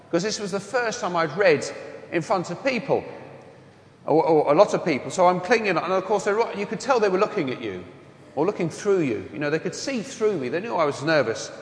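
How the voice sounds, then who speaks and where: A Catholic priest with a mild London accent preaches in a high, light voice, telling wry, self-mocking stories as part of his homily. The sound is echoey, with the long reverb of a church hall trailing each phrase. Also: animated, fairly quick. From London, England. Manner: anecdotal, humorous, self-deprecating. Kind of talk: homily with personal storytelling.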